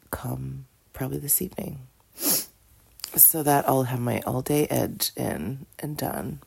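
A woman recording a casual, intimate audio diary from bed with a groggy morning voice, drowsy and soft, often sliding into a half-whisper. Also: a bass voice, takes it slowly, vocal fry, husky. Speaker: audio diarist. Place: in bed at home.

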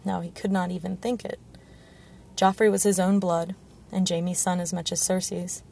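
A woman reading a fantasy novel aloud in a measured, low-key way. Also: level tone, gravelly, warm tone. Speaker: audiobook reader.

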